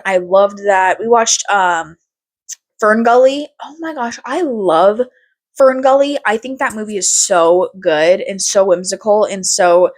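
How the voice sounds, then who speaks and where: A young adult woman hosting a podcast in casual chat, rambling and swearing freely. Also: mid-range voice. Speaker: podcast host.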